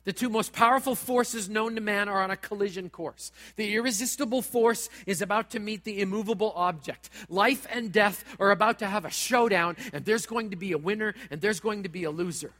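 A pastor preaching a sermon in a church, talking straight at the congregation in a dramatic way. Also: male voice, sits high, brisk, few pauses, bright, forceful tone, big-room sound. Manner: dramatic, direct, acts out quoted voices.

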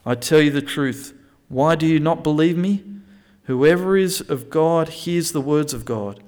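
Guy giving a sermon, kinda high voice for a man, reads verses then explains, stumbles and restarts a lot. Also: unhurried, a little mellow. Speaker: pastor.

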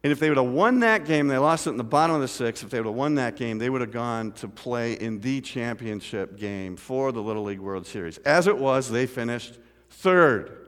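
A man's voice: mid-range voice, expressive, a little fast, a bit bright. A middle-aged man preaching a sermon as pastor, telling a story and asking the congregation questions. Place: church sanctuary. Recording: church hall with long reverb.

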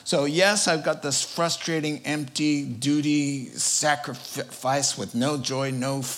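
A man's voice: medium pitch, vocal fry, a bit bright. A man preaching a sermon as pastor, in a conversational, joking way that often acts out quotes.

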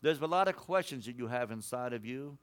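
Male guest preacher, prophetic sermon, mid-pitched voice, surges loud then drops to a hush, calls folks son and daughter. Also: expressive, a little fast. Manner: emphatic, swings between loud exhortation and hushed personal words; addresses listeners directly as son, daughter, brother.

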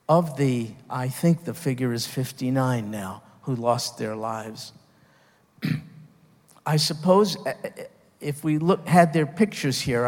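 A man's voice: mid-range voice, a little mellow, in a large hall. A man preaching a sermon, earnest and emphatic, stopping and restarting as he builds his points. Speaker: pastor.

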